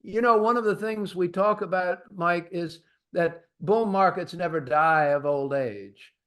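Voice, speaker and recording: A man's voice: sits high, a little slow, fairly bright tone. A man hosting a markets podcast, explaining economics in a plain-spoken way and speaking directly to his listeners. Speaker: podcast host. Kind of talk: conversational market commentary.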